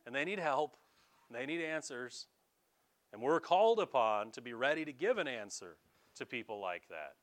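A male pastor delivers a sermon in a church sanctuary. His slightly high voice swings widely in pitch as he acts out the people he quotes. He often stumbles into quick restarts. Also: fairly bright tone.

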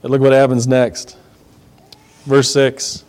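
A man's voice: mid-range voice, flat delivery, takes it slowly, a little mellow. A man teaching the Bible in a conversational, emphatic sermon, explaining verse by verse. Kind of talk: expository sermon.

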